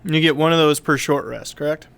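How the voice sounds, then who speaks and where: A man's voice: on the high side, fairly even intonation, a little fast, vocal fry, a bit bright, clear, resonant tone. A man running a tabletop game as game master, laid-back and joking.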